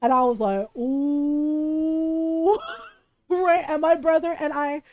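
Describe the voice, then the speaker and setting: High-voiced woman telling a lively story. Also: moderate pace, dull audio, soft background music. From Filipino family. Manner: animated anecdote with quoted voices and laughter. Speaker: streamer. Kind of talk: casual storytelling.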